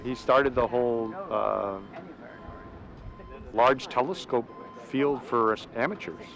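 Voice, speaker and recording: A man, an amateur astronomer, explaining slowly and with some hesitation in an interview. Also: medium pitch, creaky, a bit bright. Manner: slow, measured, hesitant.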